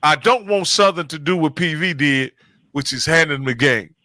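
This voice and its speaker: Casting note: emphatic male sports panelist, higher voice, bright and forward tone, dry close sound. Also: normal speed, dry recording. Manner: emphatic, repeats himself, laughs often. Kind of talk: casual sports talk.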